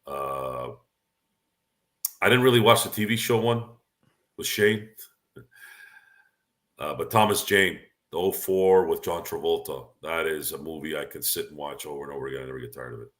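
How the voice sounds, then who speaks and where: A man's voice: rumbling low, moderate pace, pauses often, fairly bright tone. A man hosting a casual chat, talking in an opinionated, rambling way with frequent restarts. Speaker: podcast host. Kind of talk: casual sports and movie chat.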